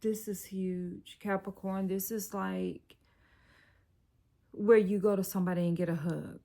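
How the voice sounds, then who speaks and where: A woman's voice: medium pitch, steady tone, unhurried, creaky, mellow. A middle-aged woman, a life coach, giving an encouraging, conversational tarot reading that turns slightly preachy. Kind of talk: direct-to-camera tarot reading.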